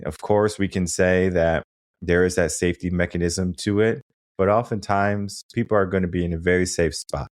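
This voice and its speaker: Emphatic deep-voiced man, dry sound. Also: steady tone, normal speed, dry recording. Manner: emphatic, asks rhetorical questions. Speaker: podcast host and coach. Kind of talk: motivational conversation.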